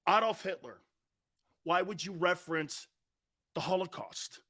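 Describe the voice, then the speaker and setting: A Northeastern US man hosts a sports talk show, spinning profane, animated stories and laughing at his own jokes. His voice is high and his pace a little slow.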